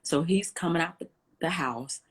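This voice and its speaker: A woman guest in an interview, telling a personal story with lively, acted-out dialogue. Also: low-pitched, normal speed, slightly rough. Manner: animated storyteller, acts out quoted dialogue.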